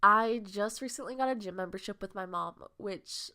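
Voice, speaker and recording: A woman's voice: mid-range voice, moderate pace, bright, forceful tone. A young woman vlogger talking in a casual podcast monologue, earnest and rambling, with a heartfelt, confessional way of speaking.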